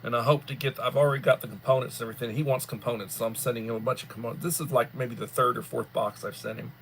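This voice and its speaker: A tired, yawning man hosting a casual livestream chat, rambling and unhurried, often repeating words. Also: medium pitch, fairly even intonation, gravelly, a bit bright, slight background noise. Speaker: livestream host.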